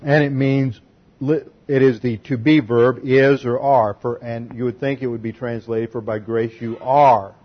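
A man's voice: mid-range voice, steady tone, unhurried. A man preaching a methodical expository sermon, working through Greek grammar point by point. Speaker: pastor. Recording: dull lo-fi sermon recording.

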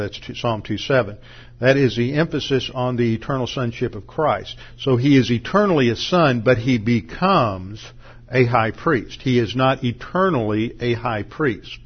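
A man's voice: mid-range voice, slightly rough, dull audio. A man teaching from the Bible, working methodically through Greek verb grammar, with small restarts along the way. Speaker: pastor.

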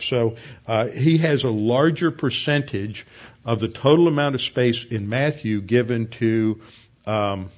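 Male Bible study teacher, explanatory and halting, muffled lo-fi recording. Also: mid-range voice. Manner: explanatory, halting with many fillers and restarts. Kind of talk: classroom lecture.

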